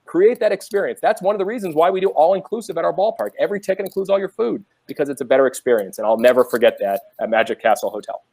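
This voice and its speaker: A man on a business roundtable telling a lively story, acting out the people he quotes. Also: fairly high pitch, racing, hardly any pauses. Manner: animated, acts out quoted voices. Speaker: panelist, business owner.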